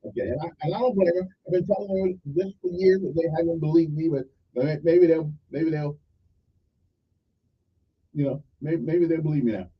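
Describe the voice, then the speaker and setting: A middle-aged man hosts a morning radio show in a rambling, folksy way. His voice sits high and sounds husky. The sound is dull and comes from a little way off the mic. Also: normal speed, distant mic. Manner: rambling, joking asides, folksy. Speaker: radio talk show host. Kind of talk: casual morning radio shout-outs.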